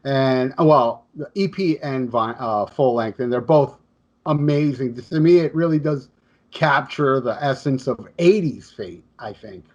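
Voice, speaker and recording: A man's voice: medium pitch, measured pace, a little mellow. A male podcast host asking questions in loose casual chat, leaning on fillers and restarts. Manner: loose, filler-heavy, lots of "you know, I mean". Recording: dull lo-fi sound.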